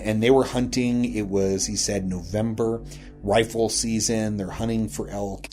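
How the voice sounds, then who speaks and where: A man's voice: lowish voice, darkish tone. A man casually retelling a local ghost story he heard, rambling along with frequent "he said" and "you know" asides.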